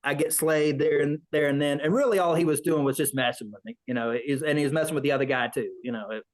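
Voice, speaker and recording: A man's voice: on the high side, quick pace, poor audio. Man rambling through a story. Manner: rambling, acts out quoted voices. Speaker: veteran interviewee. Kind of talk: casual storytelling.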